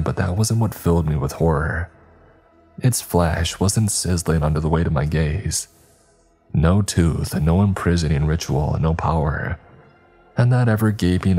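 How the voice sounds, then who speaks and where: Very deep, husky male horror narrator. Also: darkish tone. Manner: dramatic, measured storytelling.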